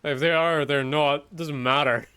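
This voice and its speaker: A man chatting casually and teasingly while playing a game, with relaxed slang. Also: fairly high pitch, unhurried, clear, resonant tone. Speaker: co-player. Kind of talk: casual gaming chat.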